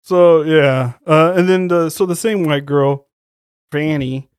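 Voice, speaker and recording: A man's voice: fairly high pitch, slow, clear, resonant tone, no echo. Dry-sounding man, casual podcast host. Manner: loose, slangy storytelling with side remarks. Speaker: podcast host reviewing horror films. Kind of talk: casual profane chat.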